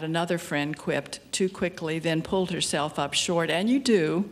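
An older woman poet giving a poetry reading, slow and measured, dropping to a hush at times. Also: deep voice. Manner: slow, measured reading with soft, hushed passages.

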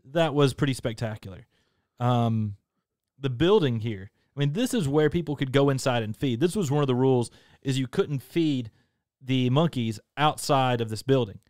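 An enthusiastic man co-hosting a relaxed travel chat, speaking earnestly. His voice is smooth and clear, recorded close and dry with no room sound. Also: mid-range voice, normal speed, no room sound. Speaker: show co-host.

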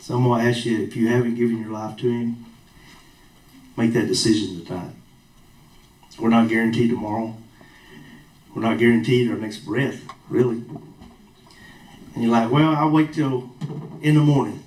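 A man's voice: medium pitch, steady tone, normal speed, pauses often, darkish tone. Male preacher, plain-spoken storyteller, miked from afar in a church hall. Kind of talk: sermon with personal story. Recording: roomy echo from a distant mic.

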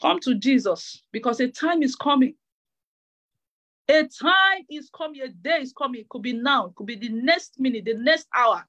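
A woman's voice: sits high, lively intonation, moderate pace, a bit bright. A woman preacher delivering a fervent sermon, repeating phrases with stammering restarts.

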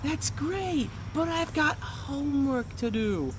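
A man's voice: extremely high pitch, lively intonation, slow pace, voice pushed up, exaggerated voice. A man voicing a polite, nerdy teenage boy who sounds meek and eager.

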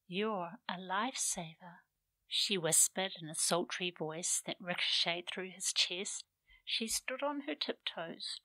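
A woman author reading aloud her romance novel in an unhurried, intimate storytelling manner. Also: mid-range voice, vocal fry, bright, forceful tone, dry recording, poor audio. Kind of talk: audiobook narration.

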